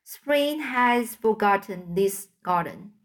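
The snow and frost of a fairy tale crow about keeping a garden all year, read aloud by a woman. The voice stays close to a plain reading voice and is unhurried. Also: medium pitch, expressive. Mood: gleeful. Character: the snow and frost, gleeful wintry spirits.

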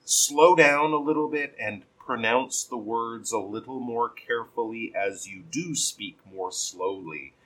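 A man teaching pronunciation, giving patient feedback on a learner's reading and modelling sentences slowly with strong stress. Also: mid-range voice, fairly bright tone, low-quality recording.

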